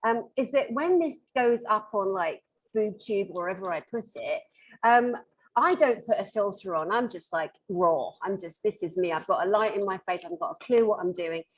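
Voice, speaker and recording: A woman's voice: medium pitch, moderate pace, husky, rough recording. A woman hosting an interview over a video call, chatty and rambling with fillers, overheated in a hot room. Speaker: host. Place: hot room in a jungle house.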